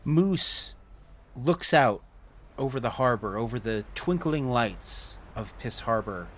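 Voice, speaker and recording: A man playing a tabletop game, narrating his character's actions in a relaxed way. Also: mid-range voice, slow, slight background noise. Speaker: player.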